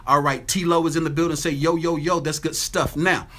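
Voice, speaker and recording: A man's voice: on the high side, fairly even intonation, normal speed, fairly bright tone. A man from Atlanta, hosting a casual livestream from his home on a phone, greeting viewers by name and repeating his catchphrases. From Atlanta, Georgia. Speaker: livestream host. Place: home with windows open.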